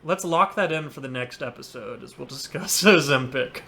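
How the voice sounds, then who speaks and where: A man's voice: mid-range voice, normal speed, creaky, sharp tone, a little hiss or hum. A man hosting a casual podcast chat, laughing often and joking about himself. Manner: self-deprecating, laughs often. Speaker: podcast host.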